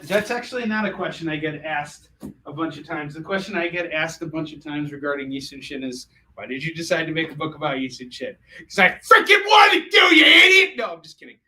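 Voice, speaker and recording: On a comics-selling livestream, an American man with a voice on the high side chats casually and jokily, animated and full of fillers and restarts. His audio is poor.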